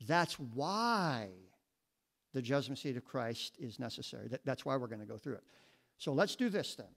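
Guy preaching at church, kinda high voice, keeps asking the crowd stuff, steps off the mic now and then. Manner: teaching with questions to the congregation. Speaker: pastor. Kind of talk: sermon. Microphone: mic he sometimes steps away from.

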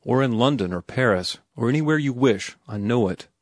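A man's voice: mid-range voice, lively intonation, a little fast, dry recording, clean studio sound, lightly acted. A man voicing an earnest, headstrong young male writer in an audiobook, blunt and insistent. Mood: confident. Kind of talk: audiobook character reading.

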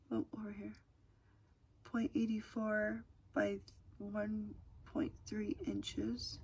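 A woman in her thirties casually walking through embroidery software at her home computer, hesitant and self-deprecating, with lots of ums. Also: lowish voice, creaky, slightly rough. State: has the hiccups. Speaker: crafter demonstrating software. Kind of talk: casual screen-recorded tutorial.

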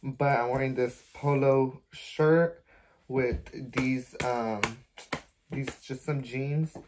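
A man's voice: mid-range voice, steady tone, takes it slowly, noisy background. A young man vlogging, chatting to the camera in a sassy, swear-filled way, first at home, then in his car and at a dealership. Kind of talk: casual chat to camera.

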